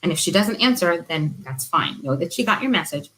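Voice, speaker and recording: A middle-aged woman giving gentle, earnest advice as a support counselor in an informal talk. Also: on the low side, animated, brisk, slight background noise, low-quality recording. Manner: briefly drops to a whisper.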